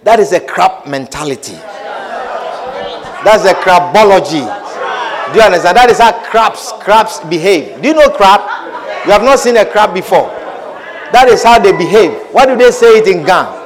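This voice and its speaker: A man preaches a sermon in a very high voice, with the faint sound of a congregation behind him. He keeps calling out questions to his listeners and swings from quiet asides to shouted, laughing emphasis. He speaks as their pastor. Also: expressive, moderate pace, long pauses, a crowd in the background, rough recording. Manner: call-and-response preaching, asks the congregation questions. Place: church hall before a congregation. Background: congregation responding.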